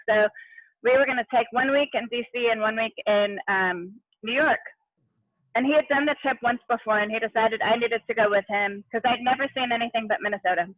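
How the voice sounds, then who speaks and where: An earnest middle-aged woman, an education consultant, tells her own story as a guest in a conversation over a remote call, speaking vividly and often restarting her sentences. Her voice sits on the high side and comes through a thin, tinny, phone-like line, completely dry with no echo or room sound.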